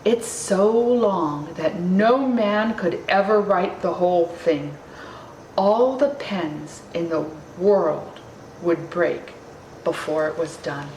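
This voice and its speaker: A woman voicing a gentle old male poet who speaks slowly, low and softly. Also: a little hiss or hum. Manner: slow, low and soft. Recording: roomy, distant mic, faint ambience.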